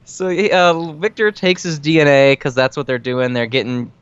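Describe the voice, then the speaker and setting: A man's voice: fairly high pitch, fairly even intonation, smooth, no echo. Sarcastic man recapping a movie, dry lo-fi. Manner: rapid, profane plot-recapping with sarcastic asides. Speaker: podcast co-host. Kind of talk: casual movie recap chat. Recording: dry, dull lo-fi sound.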